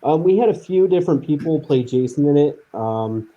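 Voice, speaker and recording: Filmmaker guest, male, deep mellow tone, relaxed matter-of-fact delivery, muffled webcam sound. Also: moderate pace. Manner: relaxed, matter-of-fact, talks in short restarts. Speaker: indie filmmaker. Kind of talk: casual live video chat.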